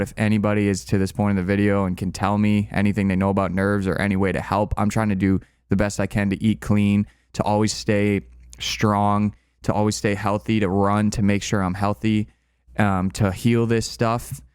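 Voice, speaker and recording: A young man tells a personal story in a rambling, candid way, stopping and restarting as he goes. His voice is low, flat and smooth, recorded dry in a room with no echo. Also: brisk. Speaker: channel co-host. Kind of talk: casual storytelling.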